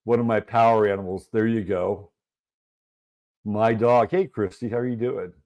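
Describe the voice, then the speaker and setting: A man's voice: fairly low pitch, steady tone, normal speed, a little mellow, highs cut off. A man hosting a casual livestream, chatting loosely and greeting viewers in the chat one by one. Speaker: livestream host.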